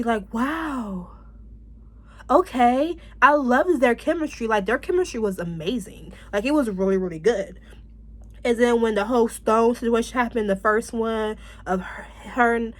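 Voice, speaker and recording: A woman chatting casually as she reviews a drama, rambling and animated, laughing and swearing often. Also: on the high side.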